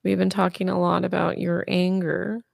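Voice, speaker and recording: A woman talking as a therapist in an improvised session, slow and measured. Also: on the low side, level tone, gravelly. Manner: slow, measured counselor talk.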